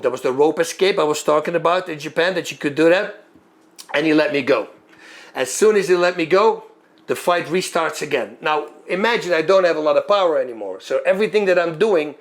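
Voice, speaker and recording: A former fighter telling a long story in a lively way, acting out moves and sounds as he goes. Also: a little high. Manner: animated, acts out moves and sounds. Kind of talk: storytelling monologue.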